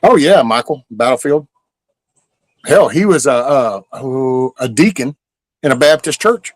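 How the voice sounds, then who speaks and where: A man's voice: mid-range voice, lively intonation, unhurried, no room sound, low-quality recording. A middle-aged man, ranting casually and profanely as host of a live stream. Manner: profane, heated storytelling.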